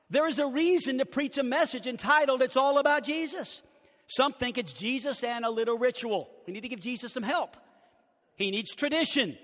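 A man's voice: very high-pitched, fairly bright tone. A man preaching a sermon as pastor, emphatic and repeating his key phrases. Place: church sanctuary. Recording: long church hall reverb.

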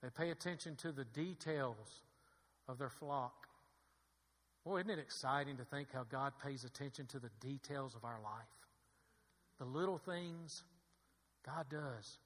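Pastor, male, fervent sermon delivery, bright forceful tone, reverberant church sanctuary. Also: mid-range voice, a little slow, pauses often. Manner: preaching with rising fervor and call-and-response asides. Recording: long hall reverb.

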